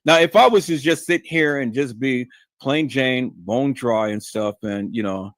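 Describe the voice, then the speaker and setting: Dude ranting on his live stream, keeps saying peoples, goes low then yells way up high, dry close mic. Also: normal speed, no room sound. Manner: shifts from low muttering to high shouted emphasis; repetitive, addresses audience as "peoples". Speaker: YouTube live stream host. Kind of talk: livestream monologue.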